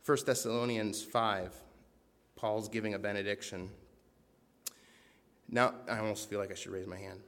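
A man's voice: lowish voice, fairly even intonation, normal speed, pauses often, a bit bright. Earnest preacher man in a reverberant hall. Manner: earnest, conversational, reads scripture aloud with emphasis. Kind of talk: sermon.

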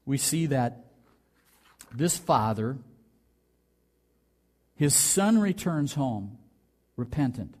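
A man preaching a sermon, talking through a Bible story and acting out the quoted lines with a lifted, louder voice. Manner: animated preaching, acts out quotes with rising pitch. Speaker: pastor.

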